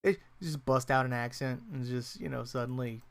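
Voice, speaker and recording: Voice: mid-range voice, fairly even intonation, normal speed, vocal fry. A podcast co-host chatting casually about a horror movie, rambling with lots of fillers and restarts, swearing freely and laughing often.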